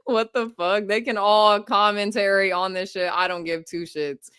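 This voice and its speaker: A woman's voice: mid-range voice, steady tone, moderate pace, fairly bright tone, clear, resonant tone, dry recording. A young adult woman streamer chatting casually, blunt and profane, often laughing. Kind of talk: casual reaction-stream chat.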